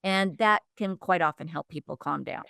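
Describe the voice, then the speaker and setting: A woman divorce coach giving calm, explanatory advice as a podcast guest. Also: on the low side, moderate pace, vocal fry, no echo, studio quality. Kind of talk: podcast interview.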